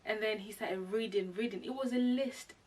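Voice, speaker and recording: Young adult woman, relaxed vlogger telling a story to camera, recorded from slightly back. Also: a little high, normal speed. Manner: chatty, animated retelling with quoted asides. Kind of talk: casual storytime chat. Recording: voice a bit far from the mic.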